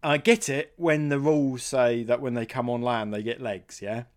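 A woman's voice: very deep voice, steady tone, moderate pace, darkish tone. A woman co-hosting a podcast, musing curiously in casual chat and picking apart how the story's world works. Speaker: podcast co-host. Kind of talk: casual film review chat.

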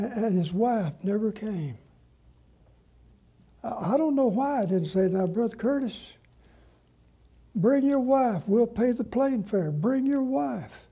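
Older man, pastor, folksy storytelling sermon, husky voice pitched high. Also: mellow. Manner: folksy, drawn-out preaching with dramatic pauses.

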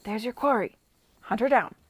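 A woman reading aloud, voicing an imperious elderly aristocratic lady with a commanding, loud manner. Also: a little high, normal speed, no echo, lightly acted.

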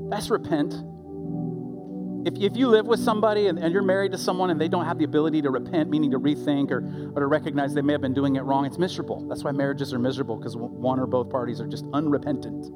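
A middle-aged man gives a sermon in an animated, conversational way, stumbling and restarting as he goes. His voice sits a little on the high side. Loud music plays beneath him throughout. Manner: animated, conversational preaching with restarts and acted asides. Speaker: pastor.

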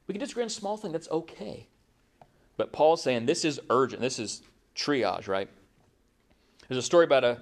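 A man preaches to his congregation in a relaxed, conversational way. His voice sits in an ordinary middle pitch. He keeps checking in with the room through quick rhetorical questions. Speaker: pastor. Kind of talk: sermon.

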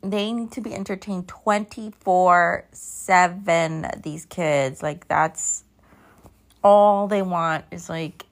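Sleepy and slow, a thirtysomething woman rambles through her solo podcast chat, yawning and losing the thread as she goes. Her voice sits lowish.

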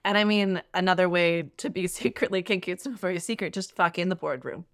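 Playful low-voiced female co-host. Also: steady tone, a little fast, no room sound, clean studio sound. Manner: playful, laughs often. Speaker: podcast co-host. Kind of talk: casual chat.

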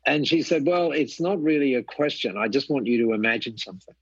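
Husky man telling a story. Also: mid-range voice, a little fast, no room sound, lo-fi sound. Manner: animated storyteller, acts out quoted voices, laughs often. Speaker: guest, mentor and author. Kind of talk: storytelling in a conversation.

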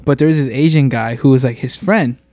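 A man's voice: mid-range voice, a little fast, a little mellow, no room sound, clean studio sound. A young man co-hosting a podcast, telling an embarrassing school story in slangy, self-mocking chat. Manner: slangy, self-mocking, says bro a lot. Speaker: podcast co-host.

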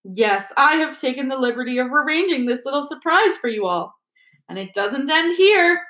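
A woman's voice: high-pitched, animated, moderate pace, bright, forceful tone, reverberant, voice pushed up, rough recording. A woman voicing a vain, showy male wizard teacher who beams and gushes at his audience. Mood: gushing. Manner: gushing, theatrical and self-satisfied.

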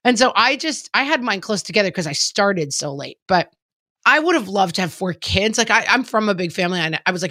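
A woman's voice: mid-range voice, animated, brisk, bright, forceful tone, no room sound, clean studio sound. A woman in her forties chatting casually on a podcast, laughing often and filling her talk with "like". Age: 40s. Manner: chatty, laughing, frequent "like" fillers. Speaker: podcast co-host. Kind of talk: casual chat.

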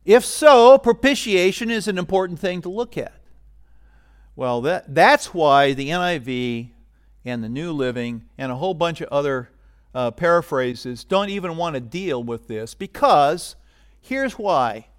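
A middle-aged man preaching a sermon as pastor, animated and getting loud for emphasis. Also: on the high side, a little slow, clear, resonant tone.

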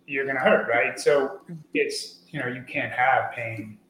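A man talking as a podcast guest, earnest and rambling, with many fillers, getting lively when he tells stories. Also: medium pitch, measured pace. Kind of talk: conversational interview. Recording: echoey room with faint noise.

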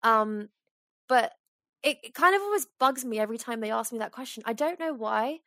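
A woman co-hosting a casual podcast discussion, telling her own experiences in an animated, chatty way. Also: fairly high pitch, moderate pace, no echo, clean studio sound. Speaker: teacher podcast co-host.

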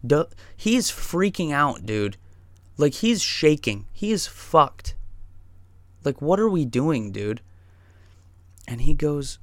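A man with a gravelly, creaky voice tells a wild personal story in a loose, rambling way, swearing freely. His voice sits at an ordinary pitch, and the recording is close and dry, with no room sound. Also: unhurried, pauses often, no room sound. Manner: profane, rambling, excitable.

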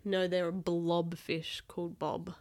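A woman's voice: on the low side, little pitch movement, measured pace, darkish tone. A woman reading a storybook aloud to a child, with patient, chatty asides between pages.

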